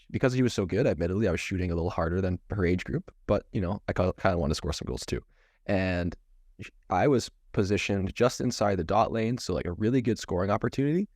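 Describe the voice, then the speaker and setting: A man's voice: deep voice, fairly quick, a little mellow, no room sound, clean studio sound. A man in his thirties, a goalie coach, chatting casually on a podcast, rambling with many false starts and restarts. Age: 30s.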